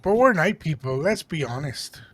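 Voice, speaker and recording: A quick, animated man co-hosting a radio show and chatting from the studio. He switches easily between English and Spanish. His voice sits a bit higher than most men's. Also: slightly rough, no room sound. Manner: animated storyteller. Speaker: radio co-host. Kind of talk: casual radio chat.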